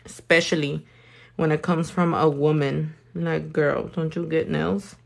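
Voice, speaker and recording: Woman nail artist chatting while she works, lowish voice, slow and blunt, swears a lot. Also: little pitch movement, gravelly. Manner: blunt, profane, chatty, slangy. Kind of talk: casual chat while doing nails on a livestream.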